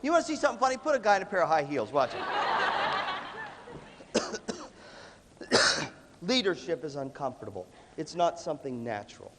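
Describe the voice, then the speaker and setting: A man giving an animated live motivational talk to students, often coughing and acting out voices. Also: fairly high pitch, normal speed, pauses often. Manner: animated, acts out quoted voices, coughs between phrases. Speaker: motivational leadership speaker. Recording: reverberant hall recording, faint background noise.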